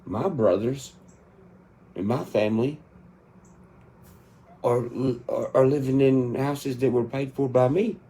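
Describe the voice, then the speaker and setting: A man's voice: medium pitch, takes it slowly, long pauses, warm tone. A man in his thirties delivering an angry, profane spoken rant inside a song. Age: 30s. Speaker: country rap artist.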